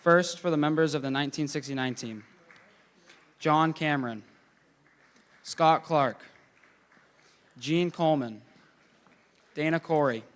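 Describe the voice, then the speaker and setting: A man announcing at an awards ceremony in a formal, measured way, reading out a team roster. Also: on the high side, smooth.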